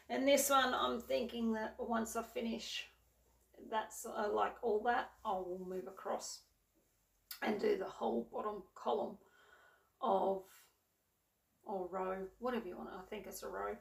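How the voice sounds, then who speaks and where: A woman's mid-range voice, marked by vocal fry, drifts through a casual show-and-tell about her cross-stitch projects. She rambles, uses lots of fillers, and keeps correcting herself, captured from a distance in a roomy space.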